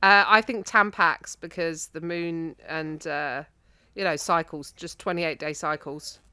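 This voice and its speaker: A woman chats as a comedy panel guest, full of joking asides. Her voice sits low but sounds bright and crisp, and the mic is close and dry. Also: dry recording. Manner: animated, joking, quick asides.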